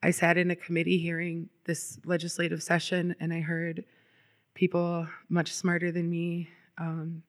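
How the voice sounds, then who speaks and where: Earnest woman, flat delivery. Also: lowish voice, normal speed. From Minnesota. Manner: earnest and impassioned, with fillers. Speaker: climate justice organizer. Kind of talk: public speech.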